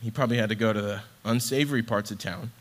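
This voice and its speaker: A man's voice: fairly low pitch, fast. A man from a church ministry team reading a Bible passage aloud and reflecting on it in an earnest, heartfelt way, often repeating words as he goes. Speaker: church ministry associate director. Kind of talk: devotional scripture reading and reflection.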